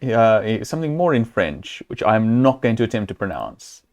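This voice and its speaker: In a casual let's-play of a point-and-click adventure, a man thinks aloud through the puzzles and chuckles as he goes. He speaks at normal speed with few pauses, his lowish, darkish voice swinging widely in pitch.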